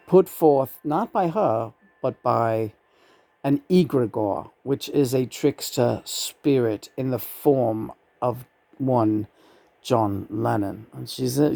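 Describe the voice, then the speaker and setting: Gravelly man rambling through a channeling session. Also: mid-range voice, dark tone, no echo. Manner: loose, rambling, name-dropping, casual cursing. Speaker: spirit channeler. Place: apartment.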